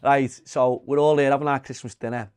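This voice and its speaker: An older man with a Liverpool accent, co-hosting a casual podcast chat, swearing freely and telling animated stories. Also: medium pitch, brisk, clear, resonant tone, no echo. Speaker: podcast co-host.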